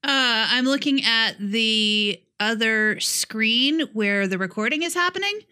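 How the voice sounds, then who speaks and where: A woman's voice: fairly high pitch, lively intonation, takes it slowly, sharp tone, clean tone. A woman co-hosting a podcast in casual chat, answering in a dry, matter-of-fact way. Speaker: podcast co-host.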